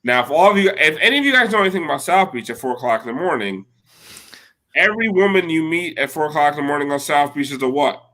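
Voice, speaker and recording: A man in his late thirties with a bright, forceful voice tells a rambling, profane story in a loose, casual chat. He sits a little high in pitch for a man and swears freely as he goes. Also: expressive, fast talker. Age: late 30s. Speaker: podcast co-host.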